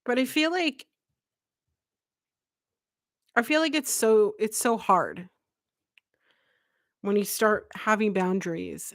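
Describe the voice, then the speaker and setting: A woman's voice: mid-range voice, no echo, clean studio sound. Blunt, emotional woman podcaster. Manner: emotional, blunt, swears freely. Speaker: podcast host. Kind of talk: candid live podcast monologue.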